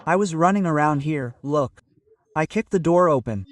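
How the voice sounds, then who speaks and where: A man from Northeast Brazil, telling animated stand-up stories about his childhood and constantly checking in with the crowd. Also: a little high, normal speed, no room sound, recorded from a distance. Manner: animated storytelling with frequent tag questions. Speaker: stand-up comedian. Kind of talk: stand-up comedy set. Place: stage in front of a live audience.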